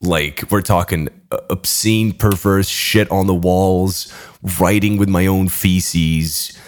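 A man's voice: low voice, slow pace. A man hosting a podcast, telling a rambling, profane story in casual chat and often breaking into laughter. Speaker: podcast host.

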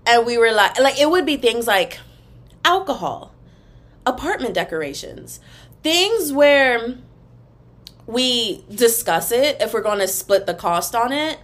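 With a fairly high voice, big pitch swings and an unhurried delivery, a young adult woman hosts her casual solo podcast. Recording through her computer's built-in mic in a room at home against a wall, she's chatty and gossipy, greeting listeners as y'all.

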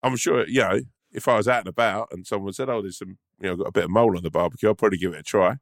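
A man's voice: low voice, very fast, gravelly, no echo, studio quality. A man co-hosting a podcast, rambling and teasing in casual chat, laughing often. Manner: rambling, teasing, laughs a lot, many fillers. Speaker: podcast co-host.

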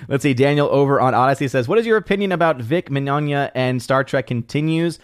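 Male streamer reading chat comments on air: casual, chatty, restarts his sentences, dry close sound, average pitch. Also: normal speed, long pauses, clear, resonant tone, no room sound. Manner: chatty, reads viewer comments aloud, frequent restarts.

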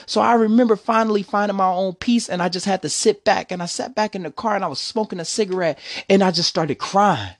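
A man's voice: high voice, fairly quick, hardly any pauses, dry recording, studio quality. A young man telling a personal story, emotional and preachy. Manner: emotional, preachy, repeats "see, the thing is".

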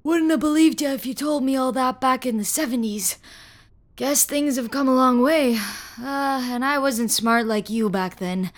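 A frail old man near the end of his life, gruff but kindly, as a woman reader puts him on. He talks in a folksy, worn-out way, with sighs and coughs between words, in a voice that sits rather high for a man. An audio horror story told by a single reader. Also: normal speed, lightly acted. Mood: weary. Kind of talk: audio fiction reading.

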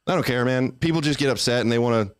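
A man's voice: mid-range voice, fast talker, clear, resonant tone, dry recording, studio quality. Laid-back joking young man host. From Texas. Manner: laid-back, joking, says dude and bro. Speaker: podcast host. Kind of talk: casual livestream chat.

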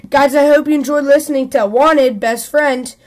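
A woman hosting a children's story podcast, reading a picture book aloud in a lively, expressive way. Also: high-pitched, moderate pace.

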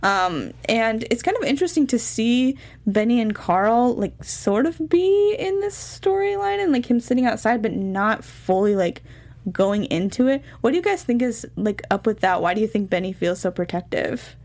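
A woman's voice: on the high side, animated, moderate pace, darkish tone. A woman co-hosting a casual chat, summarizing episodes in an upbeat, chatty way. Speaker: podcast co-host.

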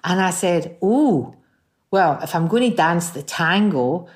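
A middle-aged woman with a Scottish accent, chatting as a guest and telling lively stories, acting out what people said. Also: on the low side, unhurried. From Scotland. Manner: lively storyteller who acts out quotes. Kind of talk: casual chat.

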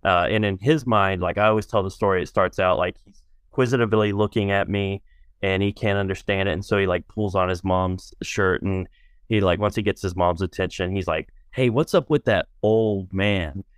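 Smooth low-voiced man telling a story. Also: a little fast, no echo, clean studio sound. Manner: rambling, many restarts and fillers, animated when telling stories. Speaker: guest, minister. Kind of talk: storytelling in conversation.

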